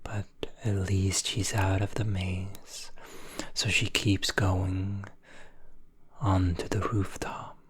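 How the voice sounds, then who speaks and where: ASMR storyteller, man, unhurried breathy whisper, flat delivery. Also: deep voice.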